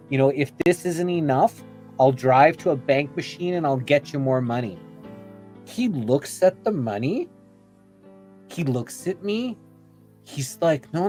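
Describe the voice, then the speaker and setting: A man's voice: fairly high pitch, darkish tone. Man rambling through a long story. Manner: chatty, full of "you know" and "like", acts out quoted speech. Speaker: podcast guest.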